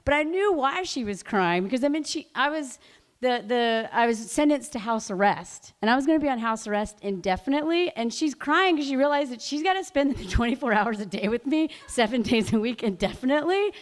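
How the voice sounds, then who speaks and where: A woman in her late thirties tells a personal story live, her voice sitting a little high. She talks in a loose, chatty way, stacking "like" fillers and laughing through the telling. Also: animated, brisk. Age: late 30s.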